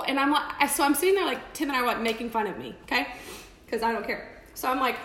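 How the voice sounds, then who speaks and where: A bright, forceful woman, talking casually on a live video. She rambles with restarts and emphatic asides, slightly high-pitched. The room is echoey, with a faint hiss behind her. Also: fast talker. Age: 30s. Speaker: makeup seller on a live video. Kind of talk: casual live-stream talk.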